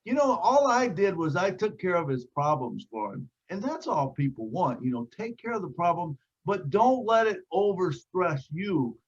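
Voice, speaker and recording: A man on a video call telling a lively sales story, acting out the voices of the people in it. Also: high-pitched, normal speed, few pauses, husky, lo-fi sound. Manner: animated storyteller who acts out quotes. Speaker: sales team member sharing a story.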